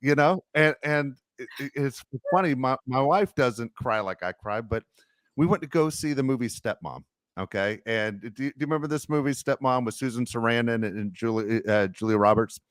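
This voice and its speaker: A man's voice: medium pitch, normal speed, no room sound, studio quality. A middle-aged man hosting a podcast, telling self-deprecating stories with many restarts. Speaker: podcast host. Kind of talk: casual podcast chat.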